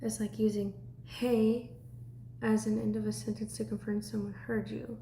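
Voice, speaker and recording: A woman's voice: medium pitch, normal speed, reverberant, slight background noise. A woman, chatting casually on a livestream and laughing often. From Texas. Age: 20s. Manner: chatty, laughs often, breaks into excited shouts. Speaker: livestream host.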